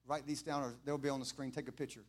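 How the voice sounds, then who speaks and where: A middle-aged man preaching an impassioned sermon, building from quiet talk to fervent shouting and repeating his lines. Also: mid-range voice, level tone, quick pace. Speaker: pastor.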